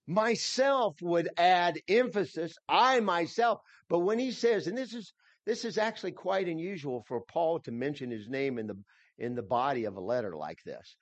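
A man's voice: on the high side, no echo, highs cut off. A man preaching an expository sermon, emphatic and repeating himself, with frequent restarts. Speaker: pastor.

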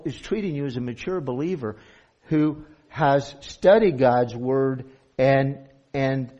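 A male pastor preaches earnestly and often repeats himself as he restarts his phrases. His voice sits fairly high for a man, and the recording sounds dull and lo-fi. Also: darkish tone. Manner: earnest, with frequent repetitions and restarts. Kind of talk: sermon.

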